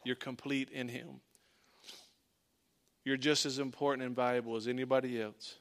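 A man preaching a sermon as a pastor, emphatic, repeating lines and dropping to a hush for weight. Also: mid-range voice, little pitch movement, normal speed, long pauses.

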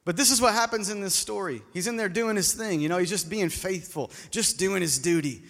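A high-voiced male pastor delivers a sermon in a casual, conversational way, asking the room questions and doubling back on his words. His voice rings out in a hall with a long reverb tail. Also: fairly quick, gravelly, a bit bright. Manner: conversational preaching, asks the congregation questions, repeats words when restarting. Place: church hall with a congregation.

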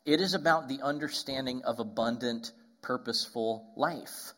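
A man delivers a sermon in a conversational way, tossing in asides to his listeners and restarting phrases. He slows right down to weigh his key points. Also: medium pitch, a bit bright. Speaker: pastor.

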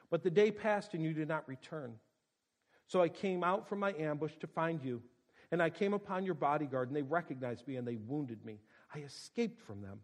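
A man voicing a wounded bearded man who speaks in a weak, quiet voice and begs forgiveness. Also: a little high. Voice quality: weak, soft voice.

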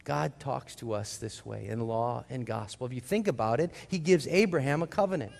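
A man's voice: mid-range voice, moderate pace, creaky, a little mellow, big-room sound. A man preaching a sermon as pastor, putting questions to the congregation and answering them himself. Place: church sanctuary.

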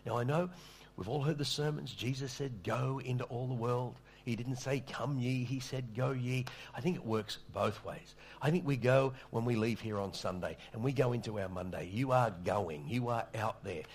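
A man's voice: mid-range voice, normal speed, few pauses, a little mellow, slight background noise. A middle-aged man preaching a sermon, telling a story in a conversational, self-deprecating way with small stammers. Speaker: pastor.

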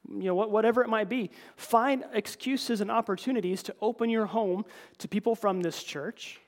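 A man's voice: high-pitched, normal speed. A man preaching a conversational sermon in a church, earnest, often repeating words and calling the congregation folks. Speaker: pastor.

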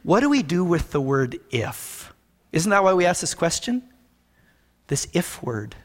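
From the pulpit, a high-voiced male pastor preaches in an earnest, conversational, somewhat sing-song way, slowing to stress each scripture passage he reads. A long sanctuary reverb surrounds his voice.

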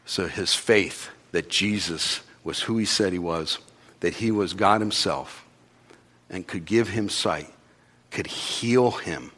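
In a deep voice and at a slow pace, a man preaches conversationally. His sermon moves between loud, urgent peaks and quiet, intimate lows.

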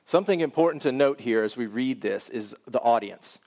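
A man's voice: mid-range voice, expressive, fairly quick, darkish tone. A man preaching a sermon, reading scripture and then explaining it in a conversational way that speaks directly to the congregation.

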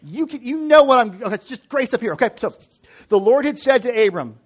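Chatty, high-voiced male pastor. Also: a little fast. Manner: conversational and animated, with many restarts and asides. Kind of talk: sermon.

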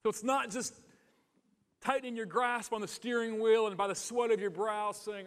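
Casting: earnest sermon from a high-voiced man, echoey church hall. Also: steady tone, moderate pace. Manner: earnest, conversational, with restarts and humor. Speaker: pastor.

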